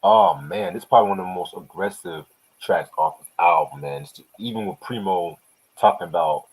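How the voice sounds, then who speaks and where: A man's voice: low voice, very animated, a little fast, vocal fry, slightly rough, low-quality recording. A man hosting a casual hip hop album review, profane, slangy and enthusiastic. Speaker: podcast host.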